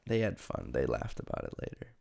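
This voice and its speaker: A young man hosting a podcast, telling a funny story in a casual, animated way and laughing often. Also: very deep voice, fairly quick, gravelly, slightly rough. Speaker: podcast host.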